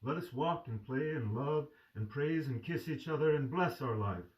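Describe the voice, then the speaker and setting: A man's voice: mid-range voice, moderate pace, pitched above the performer's own voice, natural voice. A man reading aloud and voicing a tender, fervent young man who is dying, speaking in a pleading way. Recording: distant mic.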